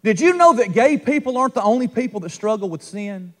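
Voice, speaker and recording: A man's voice: high voice, sing-song, a little fast. A man preaching a revival sermon, impassioned and calling out to the congregation. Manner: impassioned, call-and-response preaching with rising shouts.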